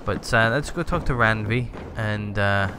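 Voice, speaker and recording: A man's voice: on the low side, unhurried, music in the background. A man casually commenting on his gameplay, rambling with many fillers and hesitations. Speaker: gaming video host. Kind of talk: casual let's-play commentary.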